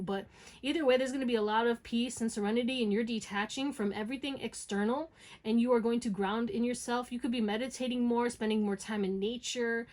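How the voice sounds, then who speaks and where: A woman's voice: on the high side, steady tone, fairly quick, a little mellow. A woman giving a pick-a-card tarot reading in a casual, blunt way. She often tags lines with "okay?" and swears freely.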